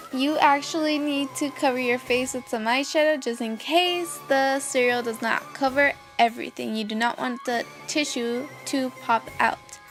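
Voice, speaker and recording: A young woman giving step-by-step voice-over narration for a makeup tutorial. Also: sits high. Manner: steady step-by-step instructions. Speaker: makeup vlogger.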